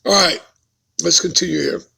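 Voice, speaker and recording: Gravelly, high-pitched man preaching slowly. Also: sharp tone. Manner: asks the listeners rhetorical questions and keeps checking with "all right?". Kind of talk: Bible-study sermon.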